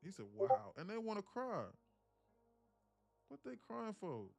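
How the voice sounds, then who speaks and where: A man live-streaming his day trading, telling a story in an animated, profane, rambling way with frequent restarts. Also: high voice, a little slow, gravelly, no echo, faint music behind.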